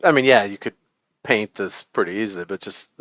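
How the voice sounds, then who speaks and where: A man's voice: fairly low pitch, fairly quick, a bit bright, no room sound, lo-fi sound. A middle-aged man hosting a casual live stream from home, rambling and laughing often as he shows things off. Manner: chuckling, rambling, lots of laughter. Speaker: host.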